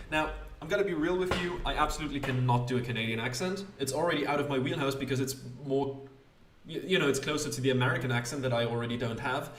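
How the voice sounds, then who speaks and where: A man's voice: mid-range voice, a little fast, roomy sound. A man hosting a let's play, chatting casually and rambling in a self-deprecating way. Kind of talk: casual gameplay commentary.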